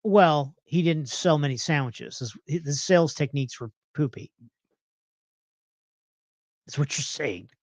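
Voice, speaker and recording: A man's voice: a little high, unhurried, pauses often, no echo. A man guesting on a podcast, teasing and laid-back in casual chat.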